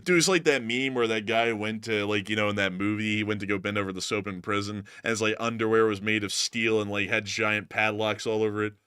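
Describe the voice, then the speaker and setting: A man's voice: lowish voice, a little fast, few pauses, clean tone, dry recording, clean studio sound. A man hosting a war news show, giving casual, joking commentary over battle footage. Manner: joking, animated, self-mocking.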